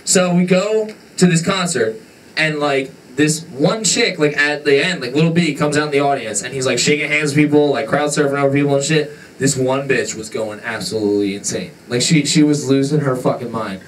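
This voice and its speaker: A man's voice: medium pitch, moderate pace. A young man in a band telling a story in casual chat, laughing and rambling. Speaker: band member guest. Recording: distant mic, faint ambient noise.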